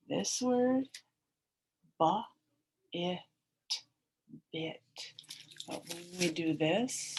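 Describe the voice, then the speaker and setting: Over a video call, a woman teacher gives young children a phonics lesson, sounding out letters slowly and clearly. Her voice is lowish.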